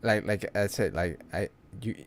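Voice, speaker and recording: Slow, gravelly, deep-voiced man. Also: lively intonation. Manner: halting, many restarts and repeated words. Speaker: livestream host. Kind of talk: casual livestream chat.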